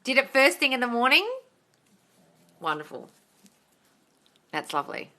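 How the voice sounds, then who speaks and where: A woman's voice: high-pitched, measured pace. A woman casually hosting a live question-and-answer stream on her phone, reading out viewer comments and calling people darling. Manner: chatty and animated, calls viewers darling, swears casually.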